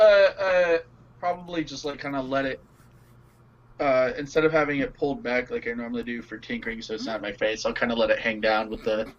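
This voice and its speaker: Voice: mid-range voice, fairly bright tone, highs cut off, a little hiss or hum. A tabletop game player talking in a rambling way, restarting sentences, swearing and laughing often.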